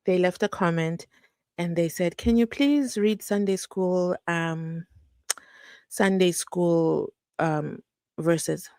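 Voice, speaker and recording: A woman's voice: fairly low pitch, takes it slowly, clean tone, no echo. A woman hosting a true crime channel, chatting casually and animatedly with her live-stream viewers. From South Africa. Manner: animated, chatty, breaks into laughs and asides.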